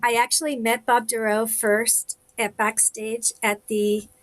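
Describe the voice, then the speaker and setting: Chatty woman telling a story. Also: fairly high pitch. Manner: animated storyteller, quick asides and laughs. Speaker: singer, guest. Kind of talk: casual chat, storytelling. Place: home, live video stream. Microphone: video call.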